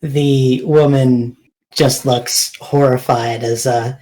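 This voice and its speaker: A man narrating as game master at a tabletop game, unhurried, with filler words. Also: mid-range voice, fairly even intonation, dark tone, rough recording.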